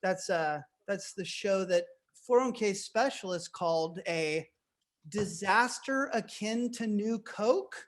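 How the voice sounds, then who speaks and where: Male podcast host, high-pitched, playful, hams a put-on cowboy drawl. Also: takes it slowly. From California.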